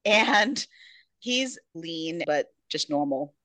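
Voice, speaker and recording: A woman podcast host retelling a book in a casual, animated way, dropping into character voices. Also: low voice, very slow, dry recording. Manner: animated storytelling, jumps into characters.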